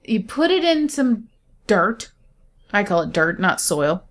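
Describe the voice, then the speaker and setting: Chatty, animated woman co-host. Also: mid-range voice, slow pace. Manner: chatty and animated, laughs often. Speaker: podcast co-host. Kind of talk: casual chat.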